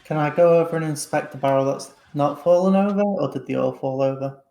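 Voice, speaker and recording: Gravelly man player in an echoey room. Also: on the high side, fairly quick, mellow. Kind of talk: casual chat at the game table.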